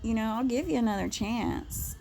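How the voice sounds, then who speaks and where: A woman talking straight to camera in a blunt personal rant, swearing freely, stopping to restart her sentences and laughing quietly now and then. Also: a little high, animated, normal speed, vocal fry, slight background noise. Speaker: vlogger.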